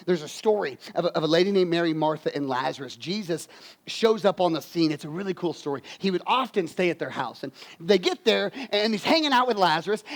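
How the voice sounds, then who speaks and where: A man preaching a lively, folksy sermon as pastor, swinging from loud bursts to quiet, low emphasis.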